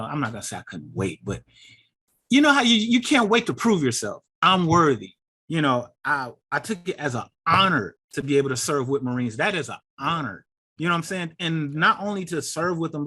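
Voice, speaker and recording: A middle-aged man, a guest on an interview show, telling a personal story in an animated and emotional way. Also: a little high. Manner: animated, acts out quoted voices, gets emotional.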